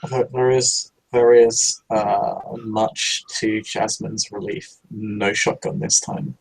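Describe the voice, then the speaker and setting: A man's voice: fairly low pitch, flat delivery, slow, husky, rough recording. A man player in a tabletop role-playing game, describing a character in a casual, descriptive way.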